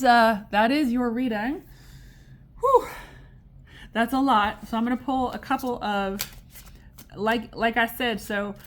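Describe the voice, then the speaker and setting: A woman giving a casual tarot reading to camera, chatty and digressive, exasperated yet amused. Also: fairly high pitch. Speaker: tarot reader.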